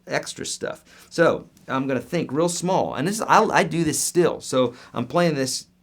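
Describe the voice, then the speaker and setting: A man's voice: a little high, a little slow. Chatty man teaching guitar live. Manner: chatty and upbeat, answering viewer questions. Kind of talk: casual live-stream lesson. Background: guitar playing.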